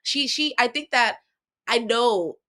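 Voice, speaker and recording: Bright-voiced woman hosting a chatty recap. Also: on the high side. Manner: animated, quick restarts and repeated words. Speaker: podcast host. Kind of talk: casual recap chat.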